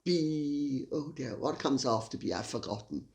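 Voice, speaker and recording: A woman's voice: low voice, lively intonation, a little slow, gravelly, darkish tone. A woman hosting a solo commentary monologue, speaking in an arch, wry, theatrical way. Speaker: host.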